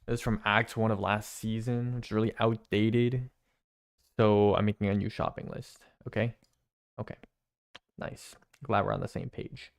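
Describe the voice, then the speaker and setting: Gravelly streamer man thinking aloud. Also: lowish voice, fairly even intonation, moderate pace. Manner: rambling, repeats himself, thinks out loud. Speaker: video game streamer. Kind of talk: casual live-stream chat.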